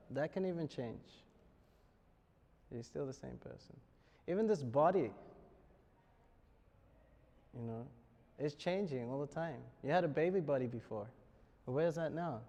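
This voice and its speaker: A man's voice: on the high side, dark tone. A man with an Australian accent giving a lecture to students, joking and chuckling often as he talks. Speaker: spiritual speaker. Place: university lecture hall. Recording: long hall reverb.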